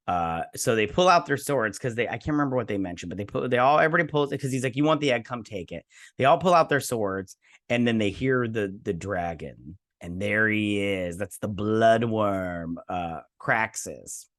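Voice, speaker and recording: A man's voice: on the low side, moderate pace, a bit bright. A man hosting a TV review show, recapping an episode in a rambling, enthusiastic way with lots of fillers and restarts.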